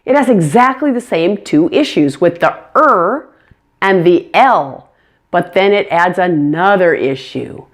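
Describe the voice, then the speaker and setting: Woman teaching pronunciation, super slow n careful, bouncy pitch. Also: expressive. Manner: slow, careful, demonstrates sounds. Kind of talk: pronunciation lesson.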